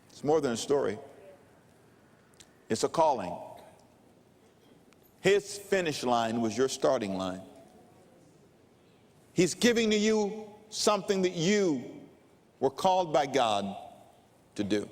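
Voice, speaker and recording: Older male pastor, unhurried dramatic storyteller, long church reverb. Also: sits high, animated. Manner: slow, dramatic preaching with storytelling. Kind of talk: sermon. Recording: long reverb of a large hall.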